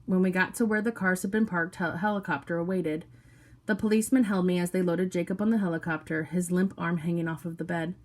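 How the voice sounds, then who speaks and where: Low-voiced woman reading a novel aloud. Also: steady tone, fairly quick, a little mellow. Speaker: audiobook reader. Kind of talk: first-person novel narration.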